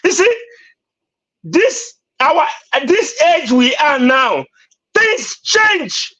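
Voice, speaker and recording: A man's voice: very high voice, very animated, extremely slow, sharp tone, low-quality recording. A man with a Nigerian accent debating on a live stream, ranting insistently and repeating himself. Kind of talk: heated debate.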